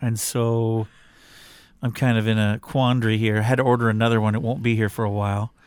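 A man's voice: fairly low pitch, flat delivery, fairly quick, darkish tone, clear, resonant tone, no echo, studio quality. Rambling easygoing man on a podcast. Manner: rambling, easygoing, restarts often. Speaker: podcast co-host. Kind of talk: casual home podcast chat.

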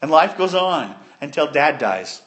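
A man preaching a sermon, retelling a story in an animated way that swings between loud and soft. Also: fairly high pitch, a little slow.

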